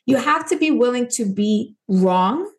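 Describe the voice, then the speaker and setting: A woman's voice: a little high, expressive, unhurried. A woman from Puerto Rico, an author talking earnestly and with emphasis in a casual interview. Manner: earnest, emphatic, acts out quoted voices. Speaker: author and guest.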